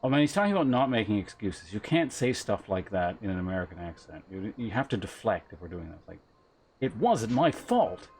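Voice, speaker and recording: A man streaming a game and chatting casually, relaxed and rambling, often trailing off. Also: deep voice, quick pace, gravelly, few pauses, soft background music. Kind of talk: casual let's-play commentary.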